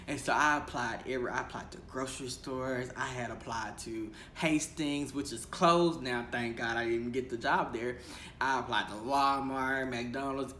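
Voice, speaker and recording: A young man, a teacher, telling stories from his first year in a casual, animated vlog, acting out the voices he quotes and laughing often. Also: medium pitch. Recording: echoey room with faint ambient noise.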